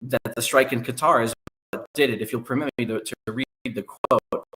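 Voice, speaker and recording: A man's voice: medium pitch, normal speed, fairly bright tone, low-quality recording. Man explaining as a guest analyst. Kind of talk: conversational podcast interview.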